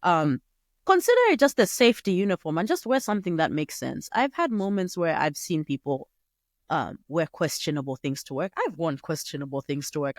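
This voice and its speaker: A young woman hosting a solo podcast, talking in a chatty, digressive way with sudden jumps up in pitch. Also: expressive, brisk, no echo, studio quality. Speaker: podcast host. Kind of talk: casual solo podcast monologue.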